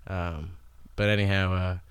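A young man chatting easily as a guest, telling stories in a loose, rambling way full of fillers. His voice is smooth and clear and sits fairly low. The sound is dry and close to the mic. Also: measured pace, dry recording. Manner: relaxed, rambling storytelling with many fillers. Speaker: musician guest. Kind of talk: casual interview chat.

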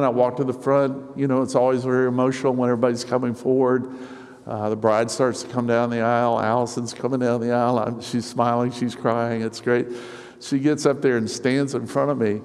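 A middle-aged male pastor preaching a sermon to his congregation, earnest and personal, with soft storytelling asides. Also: mid-range voice. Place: church sanctuary. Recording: reverberant hall.

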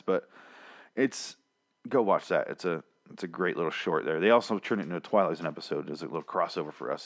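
Rambling, sarcastic man with a low voice. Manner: rambling, sarcastic, lots of swearing. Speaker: podcast host reviewing a TV episode. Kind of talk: casual spoken recap.

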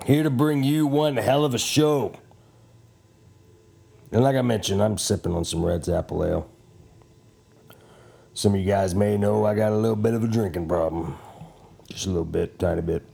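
A man's voice: fairly low pitch, moderate pace, vocal fry, pauses often, dark tone, husky. A man hosting a podcast, rambling casually in a profane, joking, self-mocking way at home. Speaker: podcast host.

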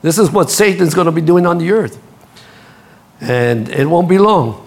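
A man preaching a sermon, telling stories with lively energy and speaking straight to his congregation. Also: on the high side, normal speed, creaky. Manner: animated storytelling, acts out quotes, laughs at his own stories; addresses the congregation directly. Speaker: pastor.

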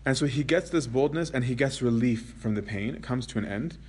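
A man's voice: medium pitch, a little fast, a little mellow, slightly rough. Man giving a Christian lecture. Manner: reads passages aloud, then explains with frequent "right?". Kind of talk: Christian lecture, reading and commenting.

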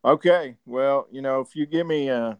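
A man's voice: medium pitch, normal speed, clear, resonant tone, no echo. A man, a podcast guest rambling through casual, profane stories between laughs. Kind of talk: casual chat.

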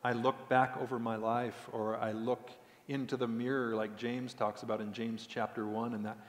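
A man preaching a sermon as a pastor, swinging between loud emphatic points and hushed, emotional storytelling. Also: medium pitch, flat delivery, normal speed. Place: church sanctuary. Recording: long hall reverb.

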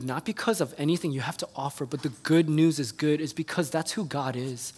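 A man's voice: a little high, fairly quick, few pauses, a little mellow, slightly rough. A man preaching a sermon as pastor, telling a personal story in an earnest way and pressing his church with heartfelt appeals. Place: church sanctuary. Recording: long reverb of a hall.

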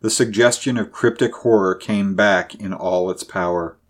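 A male narrator reading a horror story aloud. His delivery is measured and dramatic, and his voice sits fairly low. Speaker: audiobook narrator. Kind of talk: scripted narration.

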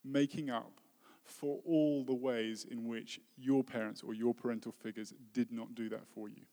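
A man, a worship leader giving an earnest, heartfelt sermon that often drops to a soft voice. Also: mid-range voice, steady tone, moderate pace. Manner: earnest, heartfelt preaching with soft dropping phrases. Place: church hall. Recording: long reverb of a hall.

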